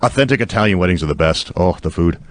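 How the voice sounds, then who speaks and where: A man co-hosting a casual podcast chat, tossing in quick joking asides. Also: deep voice, expressive. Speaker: podcast co-host.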